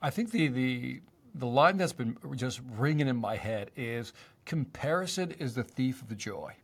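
Guy on a podcast, average pitch, preachy motivational vibe, repeats his big lines. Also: animated, normal speed, slightly rough. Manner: emphatic, motivational storytelling that repeats key lines. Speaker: sales expert and speaker, podcast guest. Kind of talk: conversational interview.

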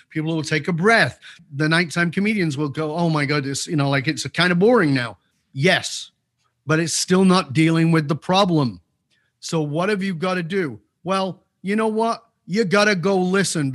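A man's voice: a little high, no room sound, studio quality. A man as an interview guest giving opinionated commentary, emphatic and repeating key points for force.

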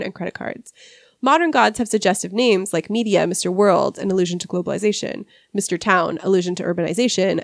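A woman's voice: medium pitch, gravelly, dry recording, studio quality. A woman hosting a casual literary discussion podcast, reading quoted passages and stumbling over hard words. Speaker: podcast host.

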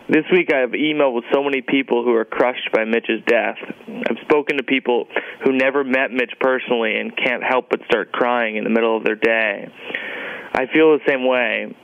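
A man with a wry, earnest storytelling manner, dropping jokes with a deadpan touch. His voice sits mid-range. The sound is dry and close, a bit dull and lo-fi. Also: medium pitch, no echo. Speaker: storyteller reading a personal tribute. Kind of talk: comedic personal storytelling.

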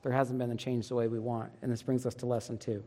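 A man's voice: medium pitch, level tone, quick pace, warm tone. A man preaching a sermon as a pastor, earnest and emphatic. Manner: earnest, emphatic preaching with quoted parent voices.

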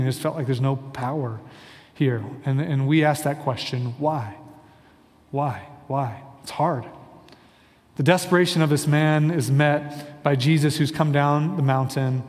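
A man's voice: medium pitch, steady tone, normal speed, darkish tone, long reverb tail. A male pastor preaching a sermon in a conversational way, often repeating his phrases. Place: church sanctuary.

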